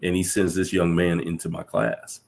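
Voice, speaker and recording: A man's voice: monotone, normal speed, a little mellow. A man, a professor, telling reflective stories in a casual conversation, earnest and full of restarts. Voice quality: deep gravelly voice. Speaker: professor, guest.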